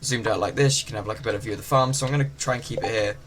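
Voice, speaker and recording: A man's voice: on the low side, racing, music in the background. A man giving casual, rambling commentary on a farming game, full of fillers. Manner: chatty, rambling, with many fillers. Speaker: gaming channel host. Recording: game ocean noise behind.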